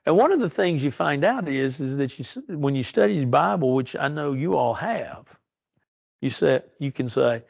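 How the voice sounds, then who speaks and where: A man teaching a church Bible study, earnest and slow on the verses he stresses. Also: on the high side, expressive, creaky, a little mellow, no room sound, dull audio. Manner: earnest, reads verses slowly and emphatically.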